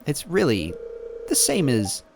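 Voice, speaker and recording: Lively-voiced man for relaxed game commentary, rambling, quick to laugh, animated intonation. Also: medium pitch, creaky, a little hiss or hum. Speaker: gameplay video host. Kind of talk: casual let's-play commentary.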